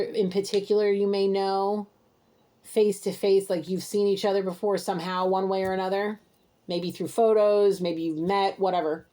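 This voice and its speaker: A woman's voice: medium pitch, a little mellow. A woman giving an intuitive tarot reading to camera from home, talking in a heated, scolding, exasperated way. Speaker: intuitive reader. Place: home, alone with pets.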